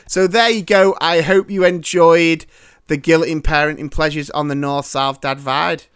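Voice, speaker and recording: Man, podcast host, slightly high voice, self-mocking jokes, nervous restarts, dry sound. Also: steady tone, moderate pace, fairly bright tone, smooth, dry recording. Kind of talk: casual chat.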